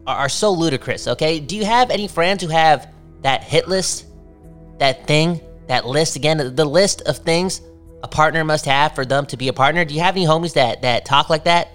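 A man chatting on a phone call, animated and emphatic, tagging his sentences with "okay?". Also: a little high, moderate pace, soft background music. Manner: animated, repeats "okay?" a lot. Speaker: caller. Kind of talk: casual phone chat.

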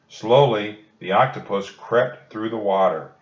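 A man with a low voice reads a children's book aloud at an unhurried pace, sounding gentle and reassuring. The room recording is dull, muffled, and echoey.

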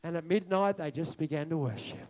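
A man preaching a sermon, moving between quiet reflection and loud, repeated declarations. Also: fairly high pitch, brisk. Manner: impassioned, swinging from soft to loud declarations; repeats phrases for emphasis.

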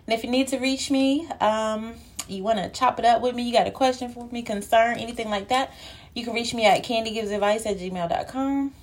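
Young woman podcast host, winded and breathy, loose playful chatter, lots of filler ums. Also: fairly high pitch, fairly quick, a little mellow. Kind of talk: casual solo podcast chat.

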